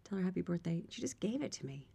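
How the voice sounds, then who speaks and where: A woman co-hosting a casual chat podcast, telling stories in an animated, quick way. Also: lowish voice, vocal fry, slightly rough. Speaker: podcast co-host.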